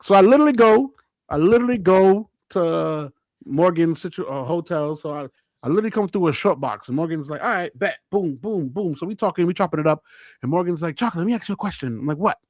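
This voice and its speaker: A man with a high, bright speaking voice tells stories on a casual show. He keeps slipping into other people's voices as he quotes them. The sound is close and dry. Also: lively intonation, fast, no echo. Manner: acts out quotes in different voices, laughs a lot. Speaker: podcast co-host. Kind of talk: animated storytelling chat.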